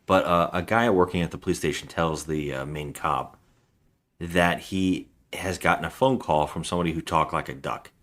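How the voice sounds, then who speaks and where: A man's voice: deep voice, moderate pace, a bit bright. A man hosting a casual movie podcast, rambling through plot recaps and quoting the characters. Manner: rambling recaps with quoted voices. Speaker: podcast host.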